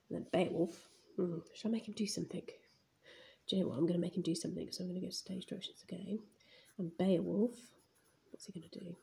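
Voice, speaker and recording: A woman's voice: on the low side, steady tone, fast talker, vocal fry, mellow. A woman teaching a primary class writing lesson, narrating as she writes and murmuring words while she writes them, recorded on a phone camera pointed at the page. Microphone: phone camera filming the page.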